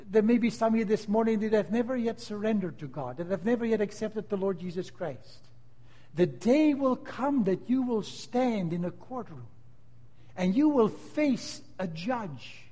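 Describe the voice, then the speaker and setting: Male preacher, high voice, dramatic sermon delivery, lots of repeated words, long church reverb. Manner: dramatic, rising to emphatic outbursts and dropping to near-hushed appeals; repeats words and restarts often.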